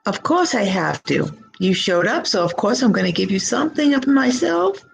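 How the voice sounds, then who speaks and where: Gravelly, gushing psychic woman. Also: medium pitch, very animated, slight background noise, rough recording. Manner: gushing, affectionate, drawn-out words. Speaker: psychic reader. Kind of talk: live-stream tarot reading.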